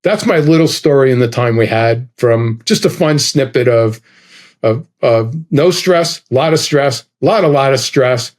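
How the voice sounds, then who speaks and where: A man's voice: mid-range voice, unhurried. A middle-aged man telling a travel anecdote in a casual chat, acting out the lines of the people in it. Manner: animated, acts out dialogue with quoted voices. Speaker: guest storyteller.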